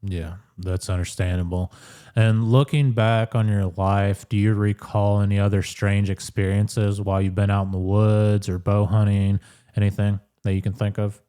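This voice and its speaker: Calm low-voiced male interviewer. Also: normal speed, smooth. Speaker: podcast host. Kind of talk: interviewer asking questions.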